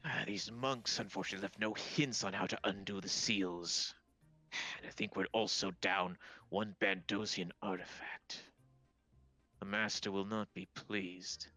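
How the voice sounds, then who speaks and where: A man's voice: on the low side, fairly even intonation, unhurried, pushed and bright, faint music behind, voice pushed down, low-quality recording. A man doing a grim, wary cultist.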